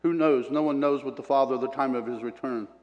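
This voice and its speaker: An older man preaching a sermon, telling stories in an animated way that swings between loud bursts and hushed asides. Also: medium pitch, fairly quick, long reverb tail, highs cut off.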